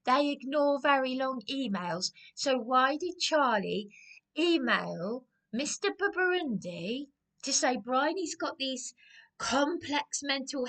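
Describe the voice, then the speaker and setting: A woman's voice: high-pitched, a bit bright. A woman ranting about personal grievances in a rambling, agitated way, often repeating herself. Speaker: vlogger. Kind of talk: aggrieved personal rant to camera.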